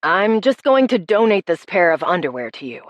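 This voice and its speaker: A woman voicing a smug, teasing young man in an audiobook, dropping lower for his lines. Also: very animated, moderate pace, fairly bright tone, no room sound, dull audio. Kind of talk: audiobook character voice.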